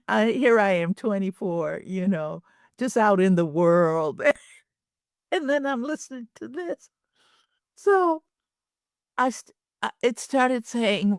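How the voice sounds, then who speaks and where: An older woman telling a personal story as a podcast guest, animated, often laughing and acting out the dialogue. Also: a little high, slow pace, long pauses, dry recording, clean studio sound.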